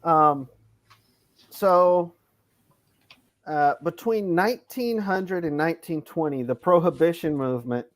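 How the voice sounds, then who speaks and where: A man from the American South hosting a casual livestream chat. He talks in a relaxed way, with many pauses and fillers. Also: on the high side, dry recording. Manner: relaxed, chatty, lots of ums. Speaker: host.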